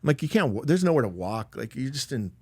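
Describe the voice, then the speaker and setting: A middle-aged man talks as a podcast guest, telling a personal story in loose, rambling conversation. His voice sits at an ordinary middle pitch. The sound is dry and close, with no room around it. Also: sing-song, fast talker, dark tone, breathy edge, no room sound. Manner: rambling, emotional, peppered with "like".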